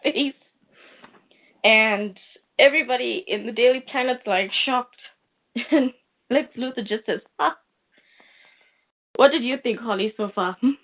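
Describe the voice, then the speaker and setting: A woman's voice: fairly high pitch, moderate pace, pauses often. A woman co-hosting a casual chat show, recapping a comic book with amusement and plenty of fillers. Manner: chatty and amused, with frequent fillers. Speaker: podcast co-host. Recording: phone-like narrow sound.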